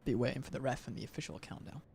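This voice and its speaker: A man's voice: medium pitch, fairly even intonation, racing, gravelly, darkish tone, a little hiss or hum. A man casting a live online game match, chatty and self-deprecating, rambling between play calls. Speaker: stream caster.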